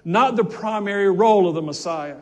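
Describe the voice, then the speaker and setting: A male pastor preaching a sermon, fervent and repetitive, with stammered restarts, swinging between loud exclamations and quiet asides. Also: high voice, brisk.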